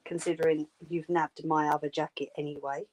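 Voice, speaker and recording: A woman's voice: sits low, flat delivery, moderate pace, darkish tone. Chatty woman live-streaming to viewers. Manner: chatty, reads out viewer comments, affectionate. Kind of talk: casual chat with live viewers.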